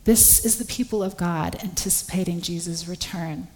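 A woman's voice: lowish voice, normal speed, darkish tone. A woman giving a sermon, telling stories and acting out the voices of the people in them. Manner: storytelling, acts out quoted voices. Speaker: preacher. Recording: long hall reverb.

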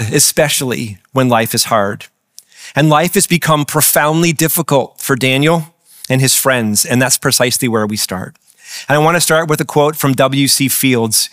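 A man preaching a sermon to a church across several campuses, in a fairly high voice. He keeps the congregation engaged with questions and calls for responses. The sound is dry and close, with little room echo. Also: a bit bright. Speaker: pastor.

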